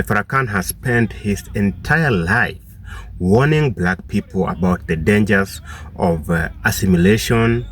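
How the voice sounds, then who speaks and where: A man hosting his own channel, giving casual commentary with a relaxed, filler-filled delivery. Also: lowish voice, recorded from a distance. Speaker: channel host.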